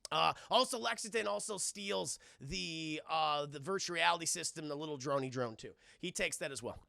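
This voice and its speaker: Gravelly, bright-voiced male streamer. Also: on the high side, moderate pace, no echo, clean studio sound. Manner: animated, profane, talks to chat. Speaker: streamer reviewing a cartoon. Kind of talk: casual live-stream commentary.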